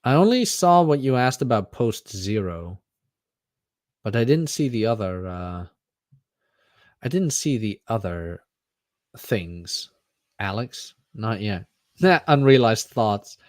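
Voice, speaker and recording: A man's voice: fairly low pitch, sing-song, slow, long pauses, no room sound, studio quality. Chatty man. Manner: rambling, chatty, jokey. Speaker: streamer, channel host. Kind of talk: casual livestream chat.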